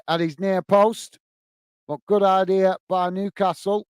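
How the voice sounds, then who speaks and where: A man hosts a football watch-along stream, offering friendly play-by-play while chatting with and greeting viewers. His fairly high voice is smooth and steady, at a normal speed, in a dry recording.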